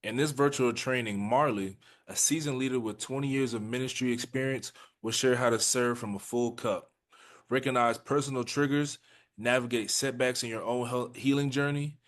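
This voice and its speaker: A man reads a scripted event description at a brisk clip, with an upbeat promotional tone. His voice sits at a middle pitch for a man. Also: steady tone. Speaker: co-host reading the session description. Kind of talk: reading a scripted blurb.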